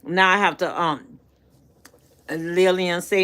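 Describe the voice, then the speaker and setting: A middle-aged woman hosts a live stream, chatting with her viewers in an affectionate, rambling way and calling them baby. She talks slowly and unhurriedly. Her voice is bright and forward, and she mixes in faith-based encouragement. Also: on the low side. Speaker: channel host. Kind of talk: casual live-stream chat answering viewers.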